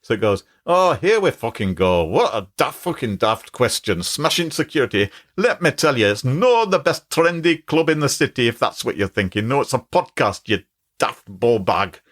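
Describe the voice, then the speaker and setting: A man's voice: medium pitch, big pitch swings, moderate pace, a bit bright. A man voicing a foul-mouthed, blunt AI chatbot with a Glaswegian accent. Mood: scornful. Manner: blunt, insulting, sweary.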